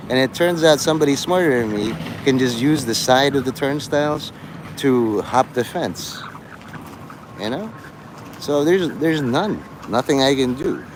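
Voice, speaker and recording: A man livestreaming outdoors, chatting to his viewers in a rambling, provocative way with deadpan dark jokes. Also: medium pitch. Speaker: livestreamer talking to chat. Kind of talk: rambling live-stream chat. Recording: street noise in the background.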